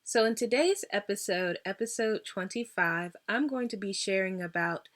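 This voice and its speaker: A woman's voice: medium pitch, normal speed. A woman hosting her own vlog, telling a story casually and acting out both sides of a phone call. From United States. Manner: animated, acts out both sides of phone calls. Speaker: vlog host.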